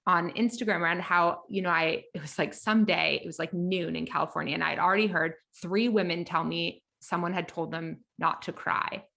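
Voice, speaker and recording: A woman hosting a podcast, thinking aloud in a relaxed, conversational way. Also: lowish voice, moderate pace, vocal fry, few pauses. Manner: thoughtful, conversational, many fillers and restarts while thinking aloud. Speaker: podcast host.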